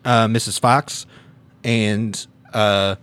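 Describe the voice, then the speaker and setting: A man's voice: lowish voice, fairly even intonation, extremely slow, a bit bright, smooth, no room sound. A man co-hosting a podcast in casual chat, laughing often and slipping into an old-timey movie voice. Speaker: podcast co-host.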